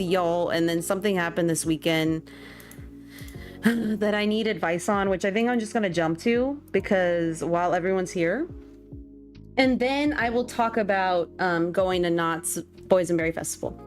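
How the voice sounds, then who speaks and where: Chatty, giggly young woman streamer. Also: medium pitch. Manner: chatty, self-mocking, giggly, many ums. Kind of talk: casual chat while streaming a game. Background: faint music.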